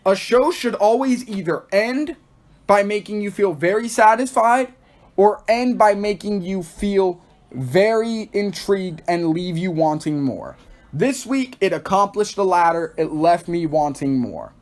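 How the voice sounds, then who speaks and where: A young man from Texas hosting a solo podcast review, excitable and rambling, peppering his talk with "like.". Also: sits high, unhurried. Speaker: podcast host.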